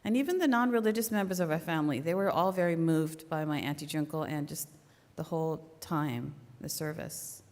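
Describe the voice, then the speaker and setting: A woman's voice: low voice, fairly quick, a little mellow. Earnest woman speaking in a reverberant hall. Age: middle-aged. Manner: earnest, conversational, with restarts. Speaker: church member giving a talk. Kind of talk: personal faith talk at a memorial service. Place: church hall.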